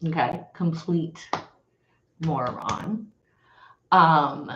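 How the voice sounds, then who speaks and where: A woman's voice: sits low, lively intonation, a little slow, pauses often, fairly bright tone, a little hiss or hum. A woman hosting a livestream, talking bluntly and heatedly to her viewers and swearing. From Texas. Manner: fired-up, blunt, swears and addresses viewers as y'all. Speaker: livestream host. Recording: echoey room, slightly dull sound.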